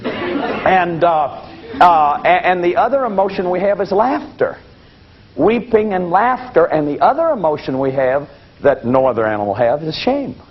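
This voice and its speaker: A man's voice: sits high, animated, moderate pace, a faint crowd. An older man giving a lecture to an audience, folksy and anecdotal with self-deprecating humor. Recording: dull lo-fi broadcast recording.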